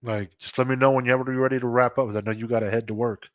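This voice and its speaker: A man's voice: medium pitch, steady tone, fast talker, dry recording, muffled recording. A man co-hosting a casual live-stream chat, joking and teasing with an easy laugh. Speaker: co-host.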